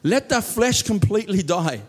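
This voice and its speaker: Earnest preaching man, higher voice. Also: expressive, normal speed, slightly rough. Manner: voices heartfelt prayers aloud. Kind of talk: sermon.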